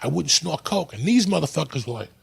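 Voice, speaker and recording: A man from New Jersey tells a story as a podcast guest, swearing freely and swinging his pitch all over. His voice is gravelly and husky. The delivery is loose and animated. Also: fairly quick. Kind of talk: casual storytelling.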